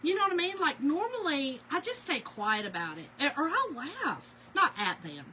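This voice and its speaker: Woman in her forties hosting a craft livestream, bright higher voice, talkative storyteller chatting with viewers. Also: very animated, normal speed, slight background noise, low-quality recording. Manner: chatty storyteller, talks to viewers and reads their names aloud. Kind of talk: casual livestream chat while crafting.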